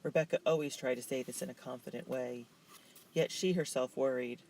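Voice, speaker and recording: A man narrating a children's novel in a steady, measured way. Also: medium pitch, slight background noise, rough recording. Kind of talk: reading a children's novel aloud.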